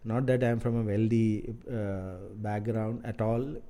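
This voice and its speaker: A man's voice: fairly low pitch, fairly even intonation, mellow. A middle-aged man with an Indian English accent gives career advice as an architect mentor, talking frankly with many fillers and restarts. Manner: rambling, halting with fillers, frank and mildly sarcastic. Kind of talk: advice talk to camera.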